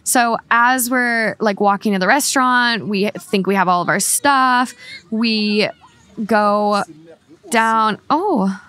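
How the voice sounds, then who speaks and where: A young woman from California, hosting a podcast and telling a travel story in lively, giggly casual chat. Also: on the high side, slow pace. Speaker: podcast host.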